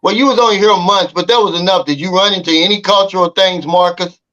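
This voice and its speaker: A man's voice: high-pitched, fast talker, sharp tone, lo-fi sound. A man hosting a casual panel chat, speaking colloquially, laughing easily and calling on panelists by name. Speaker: panel host.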